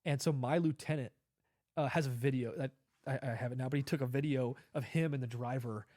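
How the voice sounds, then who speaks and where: A man's voice: medium pitch, fairly even intonation, brisk, warm tone, dry recording. A man telling a long personal story in a casual interview, rambling with fillers and acting out the dialogue. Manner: rambling, many fillers and restarts, acts out quoted dialogue. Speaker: podcast guest, Army veteran.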